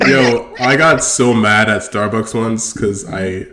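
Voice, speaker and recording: A man telling stories in casual podcast banter, animated and swearing freely. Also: lowish voice, slow pace, crowd noise. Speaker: guest comedian.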